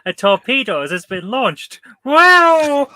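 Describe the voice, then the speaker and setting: A man's voice: fairly high pitch, animated, brisk, bright, forceful tone. A man from Northeast England with a Northeast English accent, a quiz contestant who trades teasing, mock-indignant banter. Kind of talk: banter on a call.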